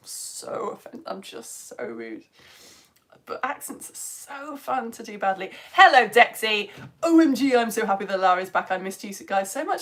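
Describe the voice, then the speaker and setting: Gushing, lively British woman teacher. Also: medium pitch. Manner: chatty, gushing, quick asides and self-mocking jokes. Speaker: online science teacher. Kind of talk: live-streamed lesson, greeting viewers.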